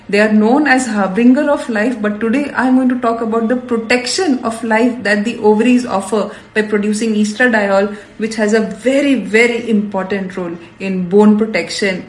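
A woman's voice: a little high, a little mellow. A woman doctor with an Indian accent, giving an upbeat, scripted health talk with emphatic repetition. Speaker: endocrinologist hosting a health show. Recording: roomy echo.

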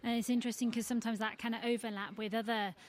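A woman hosting a radio panel, bringing in guests in a brisk, inviting way. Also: fairly high pitch, little pitch movement. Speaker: radio host.

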